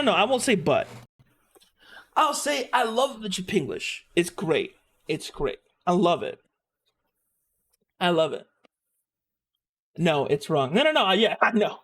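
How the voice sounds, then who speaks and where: A man streaming live and chatting casually, animated, laughing often and swearing freely. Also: high voice.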